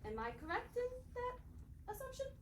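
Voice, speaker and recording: Brief: actress as prim, gushing lady inventor, high and lively voice, far-off stage mic in a roomy hall. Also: moderate pace. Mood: explaining. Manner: theatrical, breezy, prim and gushing. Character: genteel female inventor and time traveler, adult, excitable. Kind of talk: live stage acting. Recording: roomy theatre heard from far off, noisy.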